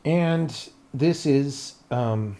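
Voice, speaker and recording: A man's voice: medium pitch, extremely slow, dark tone. A man streaming as he builds a game level, talking to himself in a casual, thinking-aloud way with mumbled asides. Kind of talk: casual livestream commentary while working.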